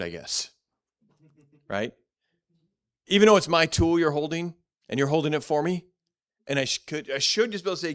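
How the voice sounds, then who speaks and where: A man's voice: medium pitch, expressive, moderate pace, pauses often, a bit bright. A man teaching a church Bible class in a blunt, direct, conversational way, often restarting and repeating words.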